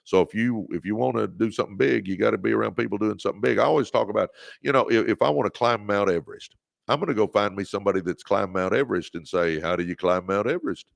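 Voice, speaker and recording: Talking at a quick pace in a low, creaky voice, the Texan livestream host gives a preachy motivational talk, repeating himself, calling listeners "baby" and greeting viewers by name. There's no echo.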